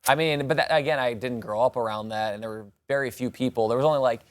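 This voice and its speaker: Man, upper Midwest accent, quick talker, rambling storyteller, morning show chat. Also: mid-range voice. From Minnesota. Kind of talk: casual chat.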